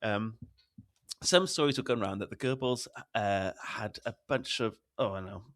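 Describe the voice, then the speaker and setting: A man's voice: lowish voice, normal speed, fairly bright tone, no room sound, clean studio sound. Giggly British man cohosting a podcast. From Great Britain. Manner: giggly, self-deprecating, laughs often. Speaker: podcast co-host. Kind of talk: casual chat.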